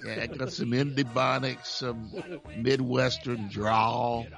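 A man's voice: medium pitch, steady tone, takes it slowly, vocal fry, fairly bright tone, faint music behind. A man co-hosting a radio show, telling wry anecdotes in casual chat.

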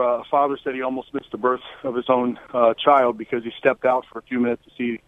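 A middle-aged man talking as a guest on a radio show over the phone, relaxed, with many fillers and restarts. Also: mid-range voice, dry recording. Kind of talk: phone interview. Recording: tinny phone line.

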